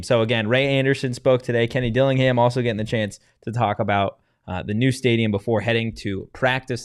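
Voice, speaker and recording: A man hosting a casual sports talk show, steering the discussion in a relaxed way. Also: mid-range voice, smooth. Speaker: host.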